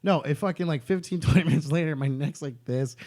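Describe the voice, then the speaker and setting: A man's voice: fairly high pitch, fast, dark tone. A man in casual podcast chat, a stand-up comic telling stories with lots of swearing and laughter.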